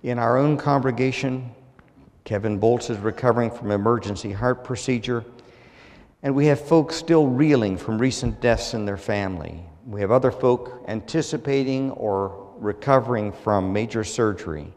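A man preaching a sermon as pastor, measured and earnest, his phrases falling at the ends. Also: mid-range voice, a little mellow, big-room sound.

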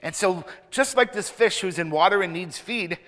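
Playfully quizzing the children with many questions, a man gives a children's sermon in a church sanctuary, where the hall is full of reverb. This children's minister has a high voice with a fairly bright tone and speaks at a normal speed.

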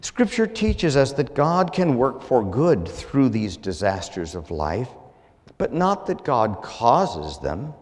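A man preaching a sermon as pastor, measured and earnest, his phrases falling at the ends. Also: mid-range voice, big pitch swings, a little mellow, long reverb tail.

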